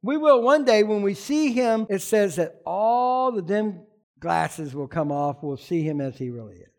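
A man preaching a sermon as pastor, animated, often asking the congregation questions. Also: high-pitched, measured pace.

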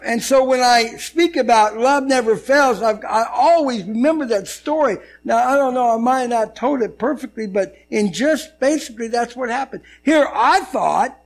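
A man preaching a sermon, telling a story and swinging between loud and hushed delivery. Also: extremely high pitch, rough recording. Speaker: pastor.

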